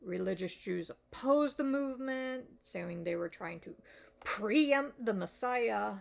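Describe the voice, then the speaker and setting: A woman talks through a history lesson in a casual, rambling way, filling pauses with ums and uhs and apologizing as she goes. Her voice is heavily gravelly with vocal fry. She speaks slowly and without hurry. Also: on the high side, expressive. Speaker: video essayist.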